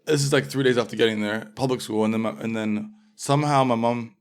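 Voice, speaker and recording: A man's voice: medium pitch, steady tone, fast talker, clean tone. A man from England, the guest in a casual interview, talking in a laid-back, rambling way with lots of fillers.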